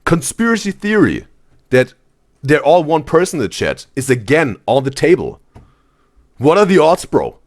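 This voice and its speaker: A man hosting a live stream, reading chat messages aloud in a casual, excitable way and saying "bro" constantly. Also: on the high side, normal speed. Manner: animated, exclaims "bro" constantly, laughs often.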